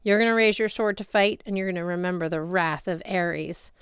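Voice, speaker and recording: Woman doing a gruff, taunting war god. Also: lowish voice, a little fast, no room sound, natural voice. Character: brash, bullying male war god. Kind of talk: audiobook reading.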